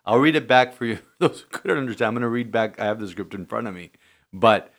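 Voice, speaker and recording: A man's voice: medium pitch, quick pace, a bit bright. A man, a Catholic priest, chatting earnestly on a podcast, rambling with many restarts. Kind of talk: casual podcast chat.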